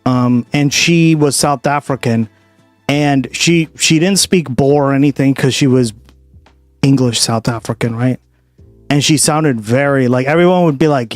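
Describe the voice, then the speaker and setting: A man's voice: mid-range voice, measured pace, no room sound, faint music behind. A man hosting a livestream, chatting casually and profanely with his viewers. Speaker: livestream host. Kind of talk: casual stream chat.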